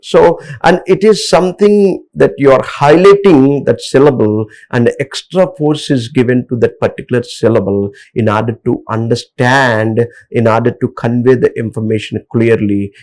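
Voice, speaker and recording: A man's voice: mid-range voice, a little mellow, rough recording. A man from India teaching an English lesson, explaining rules step by step with frequent fillers and restarts. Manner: hesitant, many fillers, explains over slides. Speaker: English lecturer. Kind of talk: classroom lecture on word stress.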